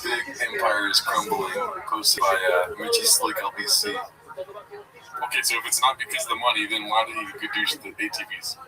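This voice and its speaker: A man in casual comedic chat, joking and swearing as he mocks someone with quick impressions. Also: fairly low pitch, steady tone, far from the mic, over loud music, rough recording. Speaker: podcast co-host.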